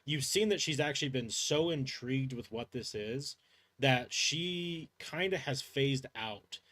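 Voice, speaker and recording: Game master, male, casual rambling narrator, mid-pitched voice. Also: unhurried, fairly bright tone. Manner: loose, rambling narration full of fillers. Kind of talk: narrating a tabletop role-playing game.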